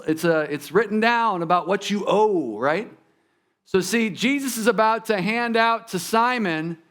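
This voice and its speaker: A man's voice: high-pitched, fairly bright tone. A man preaching a sermon in a church, talking conversationally and turning to the congregation with asides. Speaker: pastor. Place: church sanctuary.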